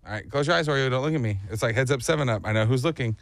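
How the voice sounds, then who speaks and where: A man co-hosting a morning show, chatting casually and acting out a story with lively voices and sounds. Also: mid-range voice, racing, dry recording. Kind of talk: casual chat.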